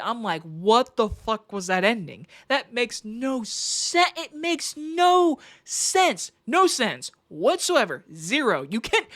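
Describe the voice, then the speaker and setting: A woman's voice: fairly high pitch, fairly bright tone. A woman giving a casual, profane movie review in an exasperated, emphatic rant.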